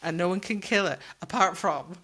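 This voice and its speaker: A woman's voice: fairly low pitch, moderate pace, pushed and bright. A woman co-hosting a book podcast, chatting casually, laughing often and acting out characters' lines. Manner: giggly, acts out characters' lines. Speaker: podcast co-host.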